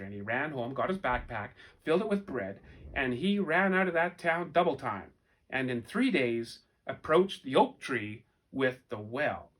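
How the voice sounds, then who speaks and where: Man, storyteller, bright voice, animated, expressive children's storytelling. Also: mid-range voice. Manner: animated, expressive, slow emphatic questions.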